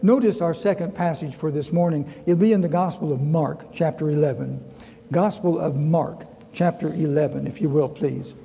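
A middle-aged man with a Southern US accent leads a Sunday school lesson in a church. His voice sits a little high but has a mellow tone, and he speaks earnestly, repeating key phrases and slowing down for scripture. A long hall reverb trails each phrase. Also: creaky. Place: church sanctuary.

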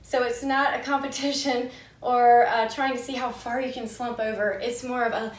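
A woman leading a gentle yoga class, giving calm, soothing cues paced with the breath. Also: a little high, moderate pace, far from the mic. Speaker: yoga instructor. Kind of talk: gentle guided yoga instruction. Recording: echoey room, voice a bit off-mic.

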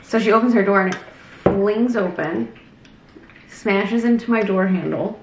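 A woman's voice: mid-range voice, measured pace. Young woman vlogger telling stories, chatty, echoey room, bit of background hiss. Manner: chatty, animated retelling with acted quotes. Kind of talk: casual storytelling chat. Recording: echoey room, faint noise.

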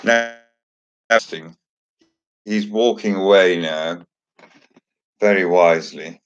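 A man's voice: deep voice, takes it slowly, highs cut off, background noise. A man hosting a casual chat, joking and chatty with theatrical asides. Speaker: host.

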